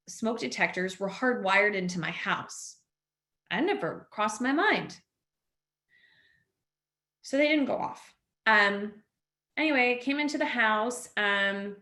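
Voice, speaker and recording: A woman in her thirties recounts her story on a video call, with lots of "like" and "next thing you know." Her voice is bright and forceful. The room around her sounds echoey. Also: mid-range voice. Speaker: house fire survivor, webinar guest. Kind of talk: personal storytelling on a webinar.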